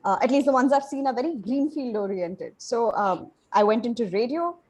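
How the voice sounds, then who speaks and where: A woman, a panel guest telling her career story in a candid, brisk way. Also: a little high, lively intonation, darkish tone, poor audio. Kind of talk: panel discussion.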